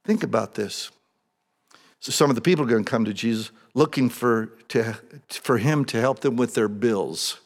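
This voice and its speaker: Animated pastor preaching in a reverberant hall. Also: male voice, mid-range voice, normal speed. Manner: conversational, animated storytelling with rising excitement. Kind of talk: sermon.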